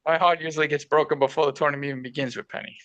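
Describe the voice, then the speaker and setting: A man with a gravelly, slightly high voice hosts a casual sports betting podcast. He banters and cracks crude jokes, recorded dry and close. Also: steady tone, racing, a bit bright, no room sound, dull audio. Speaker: podcast host.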